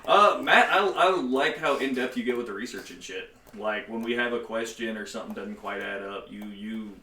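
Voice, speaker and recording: A man's voice: on the low side, normal speed, sharp tone, distant mic. A man who runs the game, chatting casually and bluntly with his players and swearing freely. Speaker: game master. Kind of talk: casual group chat. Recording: echoey room, off-mic, faint noise.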